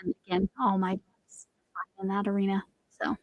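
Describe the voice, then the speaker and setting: Middle-aged woman, crochet stream host, gravelly and dry, chatty, voice a bit worn. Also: mid-range voice, monotone, normal speed, dry recording, lo-fi sound. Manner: rambling, chatty, trails off and restarts. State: voice slightly going. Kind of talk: casual chat while crocheting.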